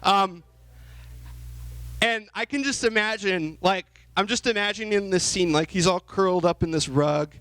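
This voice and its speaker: A young man giving a lively youth sermon, asking the audience questions and acting out the characters in the story. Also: high voice, measured pace, no room sound, low-quality recording. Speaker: youth pastor.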